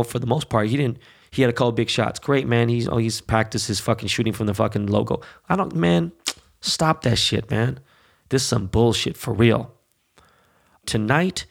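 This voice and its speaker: A man's voice: mid-range voice, creaky. A man ranting about sports in a casual, heated, profane way, full of streetwise slang. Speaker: sports commentator.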